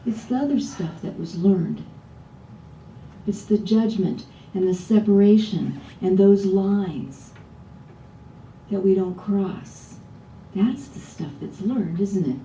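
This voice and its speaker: A woman's voice: slow, pauses often, dark tone. A woman minister preaching a conversational sermon, chatty and often asking the congregation rhetorical questions. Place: church sanctuary. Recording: roomy, distant church sound with faint rumble.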